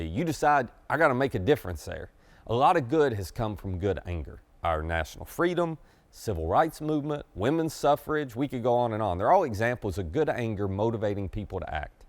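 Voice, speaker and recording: A man's voice: medium pitch, no echo. A middle-aged man preaching a conversational sermon to camera as pastor, confiding and emphatic.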